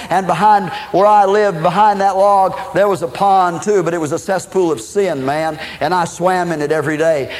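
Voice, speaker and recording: A man from Minnesota preaching a sermon as personal testimony, swinging between loud declarations and low confiding tones. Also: poor audio.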